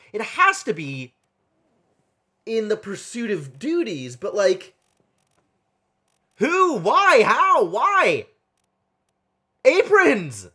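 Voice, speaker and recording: A man streaming a game live, puzzling aloud in an animated, exclaiming way on a desk microphone. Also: mid-range voice.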